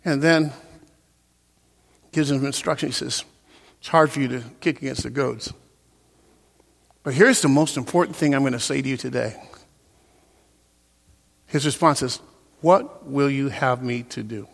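A man preaching a sermon as a pastor in a church, swinging from loud, emphatic peaks down to soft, quiet passages. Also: mid-range voice, moderate pace, gravelly, pauses often, long reverb tail. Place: church sanctuary.

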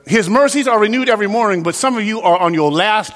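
A man preaching a sermon as a pastor in a church, swinging from loud, emphatic peaks down to soft, quiet passages. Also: high voice, lively intonation, fast, long reverb tail. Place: church sanctuary.

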